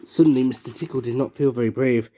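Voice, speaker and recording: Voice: mid-range voice, fast talker, slight background noise. A reader telling a children's picture-book story aloud, gasping for effect at dramatic moments. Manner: expressive, gasps for effect.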